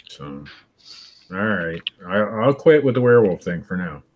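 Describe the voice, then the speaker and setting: A man's voice: low voice, very animated, normal speed, narrow, tinny audio. A man in his forties co-hosting a casual podcast chat, arguing his point and laughing often. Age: 40s. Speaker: podcast co-host.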